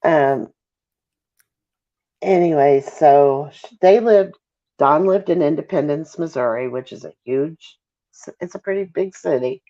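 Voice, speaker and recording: A woman's voice: sits low, unhurried, mellow. A middle-aged woman, a mother giving an emotional interview who often halts, apologizes and loses her thread. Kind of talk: emotional interview over a call. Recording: dull, lo-fi call audio.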